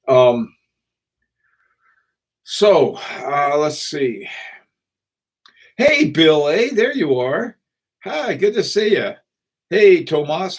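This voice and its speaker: A man chats casually on a livestream, greeting viewers by name. His talk wanders and is full of chuckles, fillers and restarts. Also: medium pitch. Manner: rambling, chuckling, halting with many fillers. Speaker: watch channel host.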